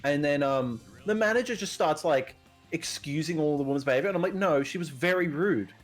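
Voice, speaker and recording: A man's voice: on the high side, animated, fairly quick, faint music behind. A British man in casual gaming chat, sardonic and swearing freely. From Britain. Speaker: streamer.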